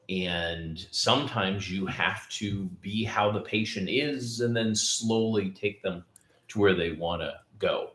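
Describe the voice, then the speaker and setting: Teasing low-voiced man co-host. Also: slow pace, a bit bright, reverberant. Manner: teasing, joking banter. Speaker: dentist and podcast co-host. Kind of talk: casual podcast chat.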